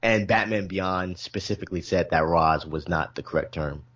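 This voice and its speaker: A young man with a very deep voice cracks blunt, sarcastic jokes in casual chat. His audio sounds dull and lo-fi, with the top end muffled. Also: moderate pace, fairly bright tone. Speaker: podcast co-host.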